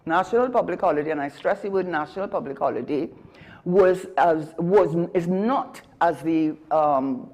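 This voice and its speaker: A woman's voice: low voice, darkish tone. A woman with a Trinidadian accent giving emphatic political commentary as a talk show guest, often correcting herself mid-sentence. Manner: emphatic, argumentative, frequent self-corrections.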